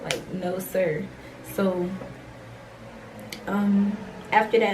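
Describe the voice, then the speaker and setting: A young woman vlogger telling a storytime tale casually, acting out the dialogue with slangy, animated delivery. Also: medium pitch, takes it slowly, long pauses, recorded from a distance, noisy background.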